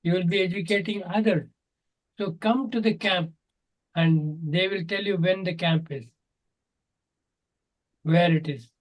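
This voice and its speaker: Man, older, Indian English accent, high-pitched, earnest storytelling, acts out dialogue. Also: steady tone, a little slow, long pauses, rough recording. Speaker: guest speaker, natural health teacher. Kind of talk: storytelling advice in an online Q&A.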